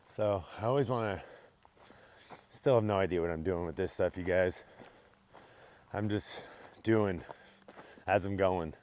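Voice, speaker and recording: A man's voice: low-pitched, unhurried, long pauses. A man talking casually to camera while hiking a steep wooded trail, slightly winded, easygoing with a few ums. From Montana. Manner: easygoing and conversational, with filler ums. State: slightly out of breath from hiking uphill. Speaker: real estate agent vlogging. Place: outdoors on a wooded trail, windy.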